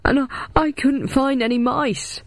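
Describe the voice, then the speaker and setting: A terrified young man who stammers and howls out his pleas, as a woman voices him. His voice sits higher than the reader's own and has an altered tone. The sound is dry and close. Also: fairly even intonation, measured pace, dry recording. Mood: desperate. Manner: stammering, howling and pleading. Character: frightened, desperate young man in distress.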